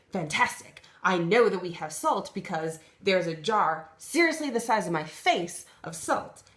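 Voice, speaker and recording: Young woman ranting animatedly in a roomy echo. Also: fairly low pitch. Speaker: vlogger. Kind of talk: comic storytelling vlog.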